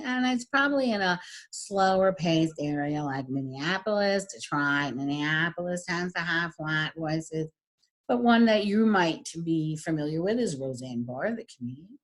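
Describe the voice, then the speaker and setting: A woman teaching an online lesson on voice qualities, chatty with many fillers, demonstrating each quality with deliberate exaggeration. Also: low-pitched, lively intonation, a bit bright. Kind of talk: online lecture.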